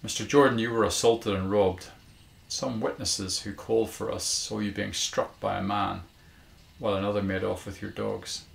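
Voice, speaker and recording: A man reading a story voices a calm, matter-of-fact paramedic explaining what happened. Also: lowish voice, moderate pace, gravelly, roomy sound. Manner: calm, informative.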